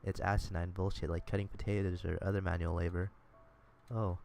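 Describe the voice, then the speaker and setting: A low, gravelly male streamer reads a visual novel aloud on a desk mic. He is sardonic and swears freely. Faint hiss sits behind him. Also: level tone, fairly quick, darkish tone.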